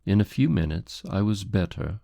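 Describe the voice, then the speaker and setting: A man's voice: low-pitched, expressive, moderate pace, creaky, warm tone, no echo, clean studio sound, pitched above the performer's own voice. A man voicing a haughty, indignant English society lady who speaks in a prim, defensive, formal way.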